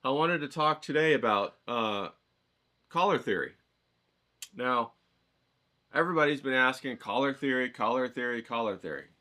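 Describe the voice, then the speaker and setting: A man teaching a casual painting lesson, talking in an animated, encouraging, folksy way. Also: mid-range voice, normal speed, long pauses. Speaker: art teacher.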